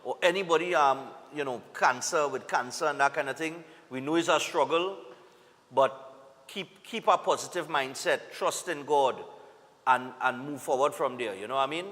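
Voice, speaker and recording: Animateur trinidadien à la voix claire et aiguë. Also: male voice, fairly high pitch, moderate pace, fairly bright tone, big-room sound. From Trinidad and Tobago. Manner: casual, upbeat, reads greetings with local slang. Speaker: morning show host. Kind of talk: live TV greetings segment.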